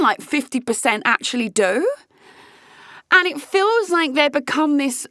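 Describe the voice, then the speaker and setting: A woman's voice: sits high, a bit bright, no echo, clean studio sound. A woman, talking frankly and casually to her viewers and swearing freely. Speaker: host. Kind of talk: candid casual chat.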